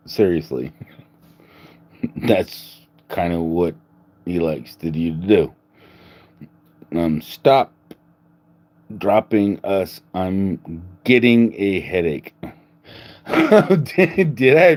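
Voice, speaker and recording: A man with a lowish, slightly mellow voice hosts a livestream, rambling casually and jokingly. He laughs often and swears, and he is recorded on a phone.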